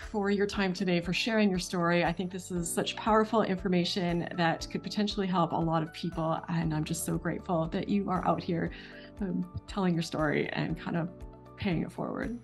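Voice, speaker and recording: A woman's voice: on the low side, steady tone, fairly quick, soft background music. A woman hosting an interview, speaking in an encouraging, reflective way to her guest and viewers. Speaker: host.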